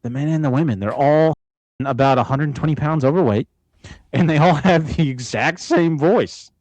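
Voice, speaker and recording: A man co-hosting a podcast in casual chat, crude and mocking, animated and loose. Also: a little high, moderate pace, dry recording. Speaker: podcast co-host.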